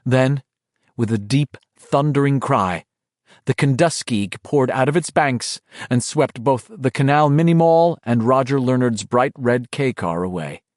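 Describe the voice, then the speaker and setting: A man's voice: mid-range voice, a little slow, a little mellow, no room sound, clean studio sound. A man narrating a horror novel as an audiobook, in a dramatic, varied reading.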